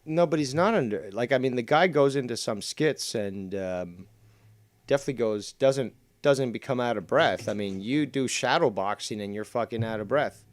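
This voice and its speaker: Male streamer, scornful and foul-mouthed, smooth clear voice, dry close sound. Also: medium pitch, moderate pace, no room sound. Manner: profane, sneering, scornful. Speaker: stream host reviewing clips. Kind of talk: mocking commentary over a clip.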